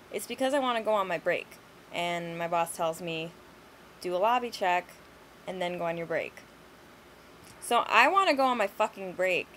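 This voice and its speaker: A woman's voice: medium pitch, fairly bright tone, poor audio. A young woman in the middle of her usual vocal range rants to camera in a blunt, exasperated way, swearing freely as she tells her stories. Her delivery is loose and conversational, with no script behind it. A faint hiss of noise sits under the recording. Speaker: vlogger. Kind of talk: casual ranting monologue.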